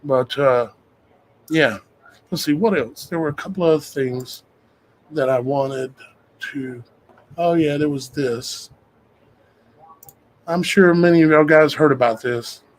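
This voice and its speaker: Man, show host, rambling casual talk, slightly high voice. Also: takes it slowly, pauses often, rough recording. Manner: rambling, conversational, folksy with "y'all guys".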